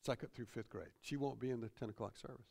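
A man's voice: mid-range voice, quick pace, vocal fry, a little mellow, breathy edge. A middle-aged man preaching a sermon as pastor in a church, repeating phrases and ending points with "see?".

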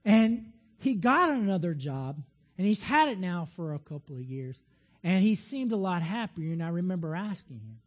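A man's voice: high-pitched, big pitch swings, normal speed. Man preaching in a long-echo hall. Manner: conversational, storytelling with many restarts. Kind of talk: sermon.

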